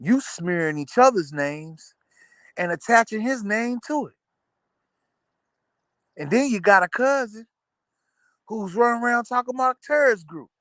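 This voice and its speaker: A live streamer in full rant, talking straight at their audience with cutting sarcasm and blunt, profane asides. Phrases get repeated for emphasis, and the voice sits at an ordinary middle pitch. The sound is dry and close, with no room around it. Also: lively intonation, moderate pace, long pauses, a bit bright, dry recording. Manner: blunt, swears freely. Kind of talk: ranting commentary.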